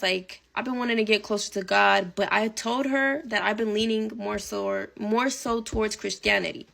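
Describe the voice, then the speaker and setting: A woman's voice: fairly high pitch, gravelly, a bit bright. A young woman telling a casual storytime vlog, chatty and dramatic, swearing and dropping Spanish phrases.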